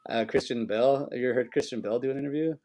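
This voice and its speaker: A man's voice: medium pitch, very fast. A man co-hosting a movie podcast, chatting casually and rambling through stories, dropping into silly accents now and then. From United States. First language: Spanish, grew up bilingual. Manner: rambling, animated storyteller who breaks into silly accents. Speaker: podcast co-host. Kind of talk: casual chat.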